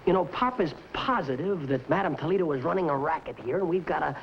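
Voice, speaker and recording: A man's voice: a little high, lively intonation, fast, creaky. A young man playing a brash, bossy comic lead in a 1950s sitcom. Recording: dull, hissy 1950s TV soundtrack.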